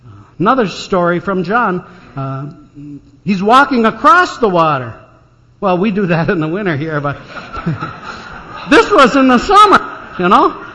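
A man's voice: high-pitched, sharp tone. An older man preaching a storytelling sermon, folksy and anecdotal, with dry jokes. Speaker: pastor. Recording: dull sound in a reverberant church hall.

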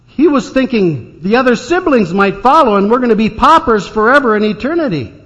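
Folksy pastor in a reverberant hall. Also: male voice, very high-pitched, big pitch swings, brisk, a bit bright. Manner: folksy, anecdotal, with dry jokes. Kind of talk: storytelling sermon. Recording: dull sound in a reverberant church hall.

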